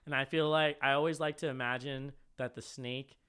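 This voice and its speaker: A man talking in a casual, chatty way, drifting into stories and swearing freely. His voice is bright and forward, with a smooth, clean, resonant tone. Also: mid-range voice, steady tone, a little fast. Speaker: podcast co-host and writer. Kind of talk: casual chat.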